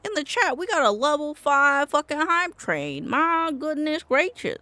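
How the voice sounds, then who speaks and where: A woman streaming a game live, her voice high and bright with wide, lively swings in pitch. She lurches from sharp yelps to grumbled asides and swears freely while thanking her chat. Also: unhurried, hardly any pauses, no room sound. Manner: excitable, swings from yelps to muttering, swears a lot.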